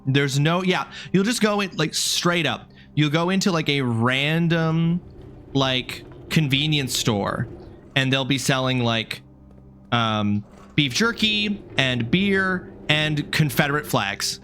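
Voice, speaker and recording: A man's voice: a little high, lively intonation, slow, pushed and bright, a little hiss or hum. A man commentating a video game live, chatting casually with his viewers, apologetic and swearing now and then. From Canada. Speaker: game streamer. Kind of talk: live let's-play commentary.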